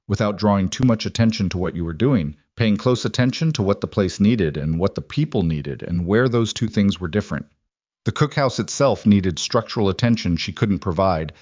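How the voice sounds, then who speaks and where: Low-voiced man narrating a story. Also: no echo. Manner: steady, measured storytelling. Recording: dry, slightly dull sound.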